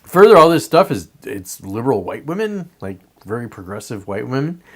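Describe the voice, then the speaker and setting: A man's voice: medium pitch, big pitch swings, normal speed. Profane, emphatic man ranting. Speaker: podcast host. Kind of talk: political commentary monologue.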